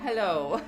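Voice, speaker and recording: A woman streaming a game live, chatting casually with viewers and greeting them by name while a little out of breath. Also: fairly high pitch.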